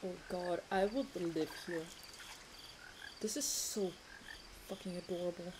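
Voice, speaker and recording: A woman's voice: fairly low pitch, steady tone, a little slow, background noise. A young woman streaming a game, chatting effusively, apologizing often and swearing casually, sometimes while eating. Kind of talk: casual let's-play commentary. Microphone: desk mic. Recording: game music behind the voice. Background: game music.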